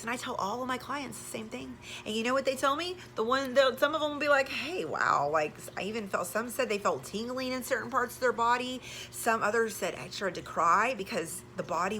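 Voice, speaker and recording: Earnest Southern woman, healing coach, bright voice over faint room ambience. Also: mid-range voice, a little hiss or hum. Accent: Southern American. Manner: earnest, emphatic, repeats words. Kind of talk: casual motivational talk to camera.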